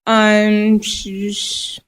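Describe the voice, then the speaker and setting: A woman's voice: medium pitch, completely flat delivery, very slow, clear, resonant tone. Hesitant woman guest, lots of ums. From Buffalo, New York. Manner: hesitant, many ums, friendly. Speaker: podcast guest. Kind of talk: casual interview.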